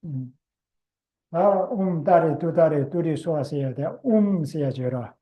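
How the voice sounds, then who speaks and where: A man giving a Buddhist teaching in short, repeated phrases with pauses. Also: a little high, warm tone.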